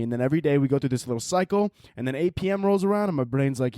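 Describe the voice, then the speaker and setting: A male podcast host rattling off profane, rambling stories at a rapid clip. He sounds short on sleep and wired, with his voice sitting a bit high. The mic is close and the sound is dry. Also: no room sound. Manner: rambling, profane, animated storytelling. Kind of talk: casual solo podcast monologue.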